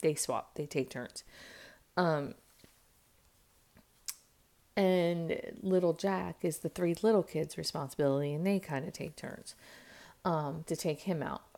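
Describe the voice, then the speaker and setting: Chatty mom with a low, mellow voice. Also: female voice, measured pace, gravelly, pauses often. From United States. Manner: rambling storytelling, acts out quotes with jumps in pitch and loudness. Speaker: vlogger and mother. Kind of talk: casual chat to camera. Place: at home, indoors. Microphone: camera mic.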